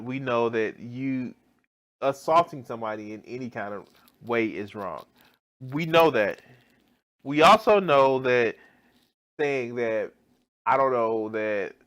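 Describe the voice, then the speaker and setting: A video commentator rants in a reaction video, exasperated and heavily profane, often restarting his sentences partway through. His voice is mid-range and a bit bright.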